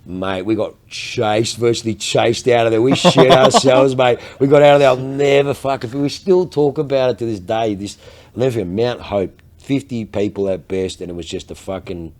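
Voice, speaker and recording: Aussie bloke swearing every other word, animated storytelling on a podcast. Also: male voice, mid-range voice, moderate pace. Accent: Australian. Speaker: luxury car salesman, podcast guest.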